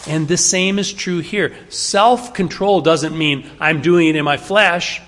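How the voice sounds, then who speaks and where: A male pastor preaches in a relaxed, conversational way, leaning hard on key words and shifting his pace and volume. His voice is a little higher than most men's and a bit slow. A long, lingering reverb, like a church sanctuary, hangs on the sound.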